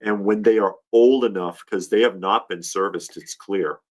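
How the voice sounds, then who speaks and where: Speaking at a normal pace in a lowish voice, a Georgia-born livestream host rambles warmly and sincerely. He frequently starts his sentences over as he talks.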